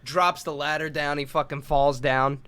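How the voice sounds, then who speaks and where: A man's voice: a little high, fairly even intonation, moderate pace, bright, forceful tone, clear, resonant tone, no echo. A young man telling a rambling story on a casual podcast, swearing freely and acting out quotes. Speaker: podcast co-host.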